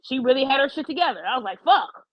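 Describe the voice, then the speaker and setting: A woman's voice: sits high, lively intonation, rapid-fire, dry recording. A woman hosting a live online show, ranting bluntly and passionately to her chat with plenty of profanity. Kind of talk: livestream rant to chat. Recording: dull lo-fi sound.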